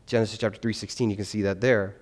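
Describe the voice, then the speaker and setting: A man preaching a sermon, animated and conversational, acting out little exchanges in put-on voices. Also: fairly low pitch, fast. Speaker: pastor. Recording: long hall reverb.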